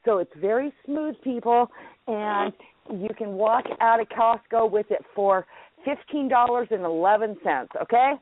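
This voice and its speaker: A woman's voice: on the high side, normal speed, a little hiss or hum. A woman hosting a casual radio talk show, chatty and rambling, laughing as she talks. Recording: phone-like radio audio.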